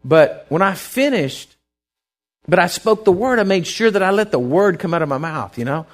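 A middle-aged male preacher giving a sermon, telling stories and swinging from quiet asides to loud, emphatic lines. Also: high-pitched, expressive, moderate pace.

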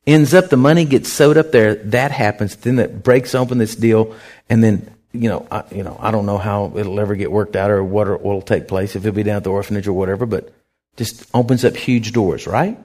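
Male pastor, lowish voice, animated anecdotal sermon delivery. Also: brisk. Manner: lively anecdotal storytelling, acts out others' lines. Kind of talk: sermon storytelling.

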